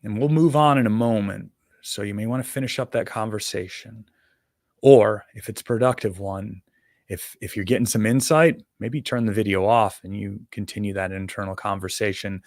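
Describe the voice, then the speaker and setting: A man leading a guided meditation, talking slowly and calmly with soothing instructions and pauses. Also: lowish voice, no room sound, clean studio sound.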